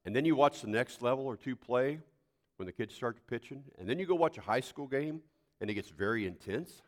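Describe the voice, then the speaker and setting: An older man preaching a sermon, folksy and animated, telling homespun stories and sometimes breaking into loud outbursts. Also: mid-range voice, a little fast. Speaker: pastor.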